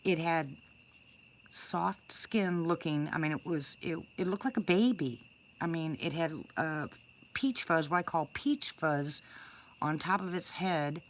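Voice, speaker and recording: Older lady rambling through a story, low voice, faint crickets chirping behind her. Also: measured pace, a little hiss or hum. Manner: chatty and rambling, with many restarts and fillers. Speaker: storyteller greeting live viewers. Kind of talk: casual first-person storytelling.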